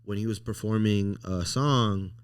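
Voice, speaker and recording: A young man hosting a casual podcast, telling excited stories full of slang and "bro". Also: fairly low pitch, unhurried, clear, resonant tone. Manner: excitable storyteller, slangy, says bro a lot. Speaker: podcast host.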